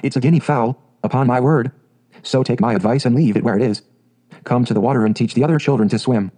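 A gossiping old duck who has seen it all and hands out advice unasked, from a storybook. A man voices her in a mellow, warm register, a touch higher than plain narration. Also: fast, natural voice. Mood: bossy. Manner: know-it-all, advice-giving.

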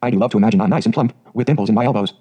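A man reading aloud and voicing a chatty, imaginative orphan girl of about eleven, talking in a clear, sweet voice in breathless run-on bursts. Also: on the low side, racing, warm tone. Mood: eager.

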